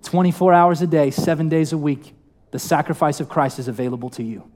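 A young man delivers a sermon in a church hall. His voice sits a little high, and his tone stays informal and conversational. He keeps putting questions to the congregation. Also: fairly quick, a little mellow. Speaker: preacher.

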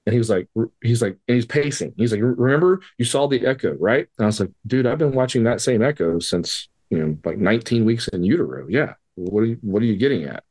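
A man with a mid-range, slightly mellow voice and a breathy edge talks fast and animatedly, barely pausing. He's a podcast guest telling a personal story in casual, profane language, acting out the dialogue in quoted voices, conversational storytelling style.

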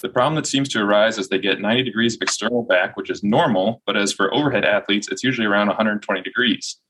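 Fast, bright-voiced man reading aloud. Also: on the low side, slightly rough, poor audio. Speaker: student reading a listener question.

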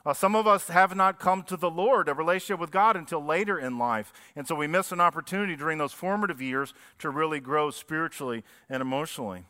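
Guy preaching a sermon, kinda high voice, talks right at the crowd, long echo in a big church. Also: fast talker, few pauses, bright, forceful tone, clean tone. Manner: conversational, asks the congregation questions. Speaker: pastor. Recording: long reverb of a church hall.

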